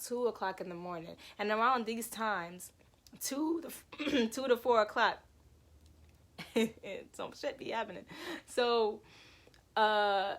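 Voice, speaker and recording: A woman telling a personal story to camera in a loose, emphatic, rambling way. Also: medium pitch. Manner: animated, emphatic, lots of "like" and "yo".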